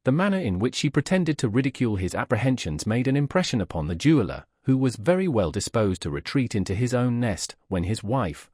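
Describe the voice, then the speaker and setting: Male audiobook reader, lively ups and downs, super dry close sound. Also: mid-range voice, slightly rough, no echo. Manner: measured, expressive storytelling. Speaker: audiobook narrator. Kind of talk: scripted narration of a classic novel.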